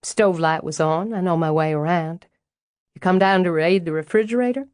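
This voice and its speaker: A woman reads a poised older Southern woman in a storybook audiobook, with a low and dry voice. She is blunt and wryly amused, and she never hurries to soften her words. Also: normal speed, smooth, no echo, close to an everyday voice. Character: frank, wry, elegant older Southern woman estate owner.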